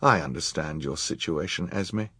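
A man's voice: a bass voice, moderate pace, sharp tone, husky, dry recording, clean studio sound, exaggerated voice. A man voicing a righteous older woman judge who speaks earnestly in a storybook reading.

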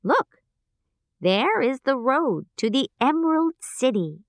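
A woman voicing a kind little old female good witch, speaking gently and reassuringly. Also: high voice, very animated, takes it slowly, no echo, studio quality, voice pushed up, exaggerated voice. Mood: kindly.

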